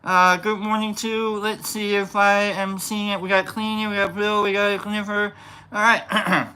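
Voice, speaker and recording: A man's voice: sits high, level tone, normal speed, sharp tone, smooth. A man hosting a casual morning livestream, greeting viewers one by one by name and rambling loosely. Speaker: livestream host.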